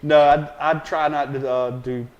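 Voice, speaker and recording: A man with a Southern American accent, a private chef chatting in an interview, animated and rambling, joking and swearing casually. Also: fairly high pitch, unhurried, muffled recording, slight background noise.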